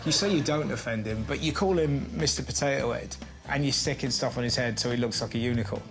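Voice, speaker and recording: A man hosting a TV comedy show, with an animated, mocking comic delivery in a studio with a live audience. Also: mid-range voice, fast. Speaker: host. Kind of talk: stand-up comedy monologue and kids' interview. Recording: loud studio audience and music.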